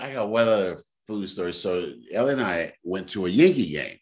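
A man co-hosting a casual podcast, telling stories in an animated way and breaking into loud laughter. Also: low voice, brisk, some chatter behind. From Sacramento area. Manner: animated storyteller, bursts into shouting laughter. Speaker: podcast co-host. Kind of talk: casual storytelling chat.

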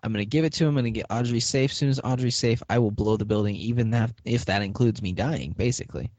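A man's voice: medium pitch, quick pace, no room sound. A man with a mid-range voice talks through a TV plot in a casual podcast chat and slips into the characters' lines as he goes. The sound is close and dry, with no room around it. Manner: lively retelling, acting out characters' lines with laughs. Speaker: podcast host. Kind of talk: casual chat recapping a TV episode.

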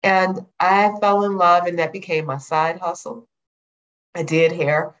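A middle-aged woman from Chicago, a guest telling her life story in a lively, animated way. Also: fairly low pitch, measured pace. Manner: lively, animated retelling with acted quotes. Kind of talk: storytelling interview. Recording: dull lo-fi sound.

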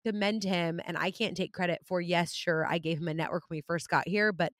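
A woman's voice: on the low side, steady tone, brisk, a bit bright, no echo, studio quality. A woman from California with a Californian accent, hosting a podcast in a chatty, upbeat way. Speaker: podcast host. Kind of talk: casual conversation.

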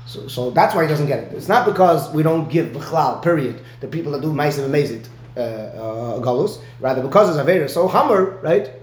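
A man's voice: on the high side, expressive, brisk, few pauses, a little mellow, roomy sound. A man giving a one-on-one Talmud lesson, explaining step by step and often checking in with "right?". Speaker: Talmud teacher.

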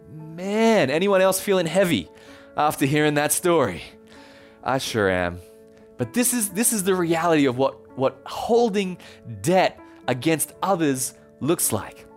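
A man's voice: fairly high pitch, big pitch swings, unhurried, soft background music. A male pastor preaching a sermon, telling a Bible story with playful, conversational asides.

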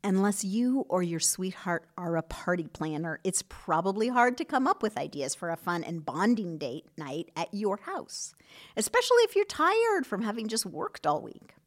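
A woman hosting a podcast, giving scripted relationship advice in an earnest, expressive way with soft asides. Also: medium pitch, normal speed. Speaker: podcast host.

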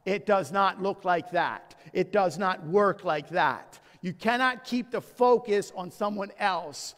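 A man's voice: high-pitched, a little slow, few pauses, a bit bright. A man preaching a sermon as pastor, emphatic and full of rhetorical questions and personal stories. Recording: long church reverb.

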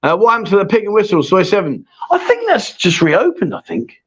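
A man's voice: sits high, huge pitch swings, fairly quick, breathy edge. A middle-aged man hosting a casual live chat show, chatty and joking as he reads out viewer questions. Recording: dull lo-fi stream audio.

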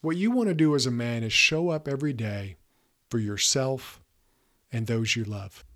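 A man in his fifties speaks as a podcast host, coaching his listeners in an earnest, emphatic way. His voice sits at an ordinary middle pitch for a man. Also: expressive, normal speed, a bit bright. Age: 50s. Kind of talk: motivational podcast talk.

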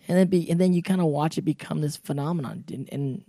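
A man's voice: fairly high pitch, fast, creaky, few pauses, dry recording, studio quality. A man talking as a voice actor guest in a casual podcast chat, acting out quotes with lots of fillers and restarts. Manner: animated, acts out quotes, many fillers and restarts.

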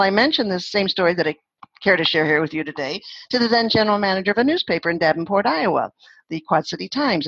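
Older female guest, husky, lively storyteller; muffled lo-fi audio. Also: lowish voice, dry recording. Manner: chatty, laughing, acts out quoted voices. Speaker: guest, phone-skills trainer. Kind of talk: podcast interview storytelling.

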